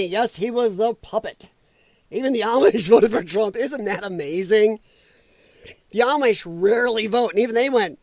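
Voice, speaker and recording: A man's voice: sits high, no room sound. A male livestream host giving blunt, mocking political commentary with a casual, ranting delivery.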